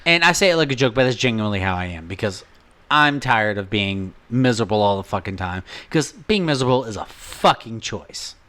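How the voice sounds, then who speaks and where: A man's voice: fairly low pitch, animated, brisk, a bit bright. A man co-hosting a podcast who talks bluntly and profanely in casual chat. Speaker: podcast co-host.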